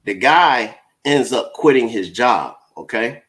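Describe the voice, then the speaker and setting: A man's voice: mid-range voice, lively intonation, slow, a bit bright. A man co-hosting a casual chat show, talking emphatically and laughing often. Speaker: co-host.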